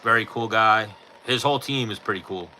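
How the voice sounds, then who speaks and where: Blunt, sharp-voiced New guy. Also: on the low side, brisk, slight background noise, poor audio. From New York. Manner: blunt, profane, offhand. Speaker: podcast host answering live chat. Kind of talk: casual chat.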